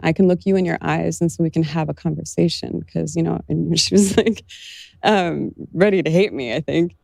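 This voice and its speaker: A woman recounting an anecdote in an interview, halting and using many fillers. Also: low voice, vocal fry, a little mellow, no echo. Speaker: interview guest.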